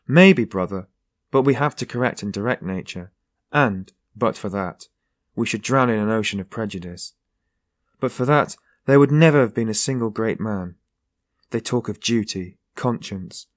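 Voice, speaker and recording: A man's voice: on the low side, expressive, moderate pace, natural voice. A man voicing an eager, argumentative young male student who speaks insistently. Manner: earnest, insistent.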